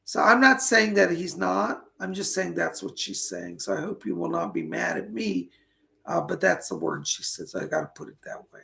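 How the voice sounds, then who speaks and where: A man's voice: sits high, huge pitch swings, normal speed, creaky, bright, forceful tone. A man hosting a live online psychic reading, talking chattily, greeting viewers by name, and losing his voice.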